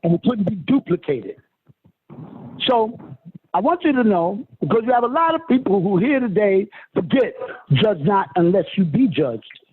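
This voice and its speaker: A man with a notably high voice preaches a long, emphatic lecture, pitching his words up and down and calling listeners honey and sister. He comes through a thin, phone-like line with a faint hiss behind him. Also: very animated, normal speed. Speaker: self-styled spiritual teacher.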